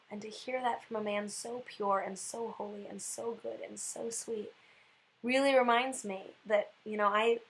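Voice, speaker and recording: A woman giving a casual spiritual reflection on her vlog, animated and chatty, with lots of "like" fillers. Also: medium pitch, slight background noise, poor audio. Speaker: Catholic speaker and vlogger.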